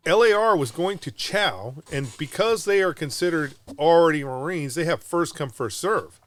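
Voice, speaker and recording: A middle-aged Marine veteran from Southern California hosting a podcast, telling a story casually, blunt and profane, with frequent restarts. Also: male voice, a little high, animated, moderate pace, a bit bright. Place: podcast studio.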